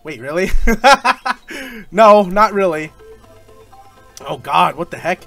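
A young man hosting a gaming channel, giving excitable, easily frustrated commentary while he plays. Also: high-pitched, takes it slowly, no echo, soft background music. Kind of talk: let's-play commentary.

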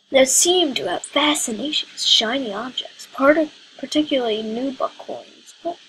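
A woman chatting her way through a video game, wandering from thought to thought and second-guessing each move aloud. Her voice is bright and ringing, set a little high. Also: unhurried, hardly any pauses, slight background noise, poor audio. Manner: rambling, questions herself aloud. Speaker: gaming video creator. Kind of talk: casual let's-play commentary.

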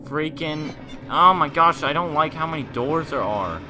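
A man's voice: on the high side, animated, measured pace, music in the background. A man doing casual horror game commentary, joking around, talking to objects in the game and yelping when startled. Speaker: gameplay commentator.

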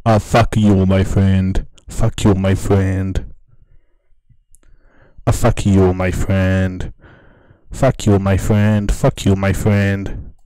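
A man putting on the voice of a gruff man who slowly repeats mocking insults. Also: deep voice, level tone, warm tone, no echo, voice pushed down. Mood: mocking, hostile. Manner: slow, heavy mocking repetition.

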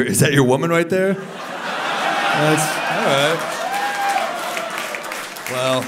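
A man in his thirties doing stand-up crowd work on a club stage, teasing audience members with quick, profane banter. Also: fairly high pitch, heavy background noise. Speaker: stand-up comedian. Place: large comedy club stage before a live audience. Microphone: handheld stage mic. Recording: live club recording with crowd laughter.

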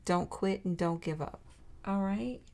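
Tarot reader, woman, slow and mellow, encouraging, talks straight to the viewer. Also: mid-range voice. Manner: encouraging, repeats reassurances, addresses viewer directly.

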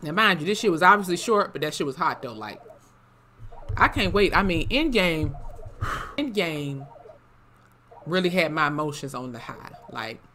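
A YouTube host chatting casually in a reaction vlog, slangy, profane and animated. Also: medium pitch, a little fast, slight background noise.

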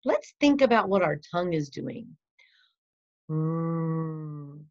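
A woman teaching a phonics lesson to children, patient and encouraging, modeling each sound slowly. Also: medium pitch, big pitch swings. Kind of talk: slow instructional lesson for children. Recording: dull lo-fi sound.

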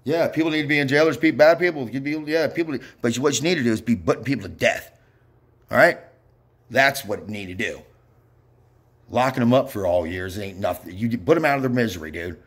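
A man's voice: mid-range voice, fairly quick, husky. A man delivering an angry, rambling monologue, bitter and profane, with frequent muttered asides. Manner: bitter, profane, ranting with repeated yeps.

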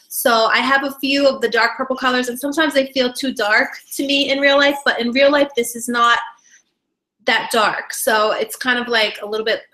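Bubbly high-voiced woman live-streaming. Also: sharp tone. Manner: bubbly, drawn-out greetings, giggly. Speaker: YouTuber greeting live chat viewers. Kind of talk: casual live-stream chat. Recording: echoey room.

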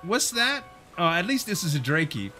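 Guy doing a hissy little dragon critter from a game, raised pitch, kinda snakey. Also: big pitch swings, normal speed, sharp tone, faint music behind, exaggerated voice. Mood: nervous. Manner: hissing, snake-like. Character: small timid male dragon-bat minion.

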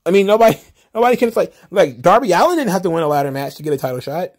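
A man's voice: high-pitched, animated, very fast. A man hosting casual solo wrestling recap commentary, rambling and wry, often exasperated, with the odd swear.

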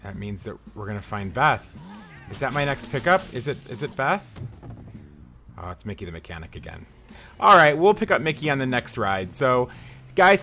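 A man casually commentating a driving game, playful and lively, his voice swinging up and down as he reacts. Faint game music plays underneath. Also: medium pitch. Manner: playful, reacts loudly, jokes along with the game. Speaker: gaming YouTuber. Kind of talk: casual let's play commentary.

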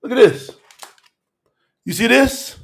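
His voice is very high, slow and creaky as he delivers a fiery telethon sermon. Emphatic and repetitive, he uses Southern US dialect grammar and shifts between shouting and hushed asides.

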